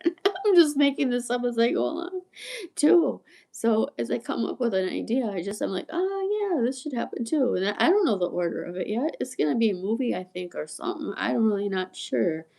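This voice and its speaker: Gravelly-voiced woman in her sixties. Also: medium pitch, dark tone. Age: 60s. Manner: tangent-prone, chatty, laughs often. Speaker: livestream host. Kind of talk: rambling livestream chat.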